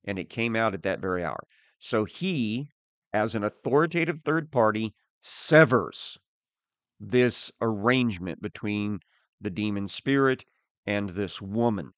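Male preacher, low voice, unhurried deliberate sermon delivery, dry close sound. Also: animated, no echo. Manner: slow, deliberate teaching with pauses.

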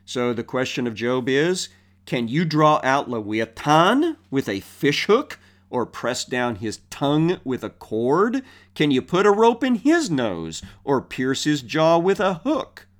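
A man teaches a Bible passage verse by verse, reading the scripture aloud and then explaining it conversationally with rhetorical questions and frequent fillers. His mid-range voice is very animated, and he speaks unhurriedly.

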